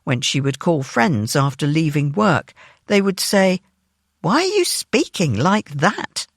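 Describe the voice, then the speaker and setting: A narrator reading a written news feature aloud in a measured, even way, recorded on a close studio microphone. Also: mid-range voice, no room sound.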